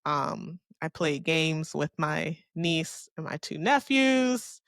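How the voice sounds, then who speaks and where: A woman's voice: low voice, lively intonation, takes it slowly, a bit bright, no room sound, clean studio sound. A young adult woman from Miami hosting a casual solo podcast, telling a story in a candid, chatty way, cursing freely and talking to herself. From Miami, Florida. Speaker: podcast host.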